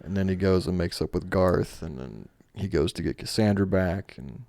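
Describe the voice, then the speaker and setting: A man co-hosting a podcast, chatting casually about a movie and retelling its scenes with quick quoted lines. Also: low voice, vocal fry, mellow, no echo. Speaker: podcast co-host.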